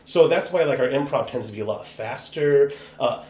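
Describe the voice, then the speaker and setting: An American improv guest chats on a podcast at a moderate pace, his voice medium in pitch. Animated throughout, he voices the characters he quotes as he tells stories, and the audio carries a roomy echo.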